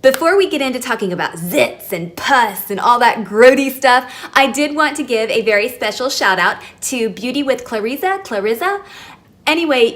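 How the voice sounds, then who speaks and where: Filming herself at home and facing the lens, a beauty vlogger gives a casual product review through her camera mic. Her voice is slightly high and a bit bright, and she's chatty and self-deprecating.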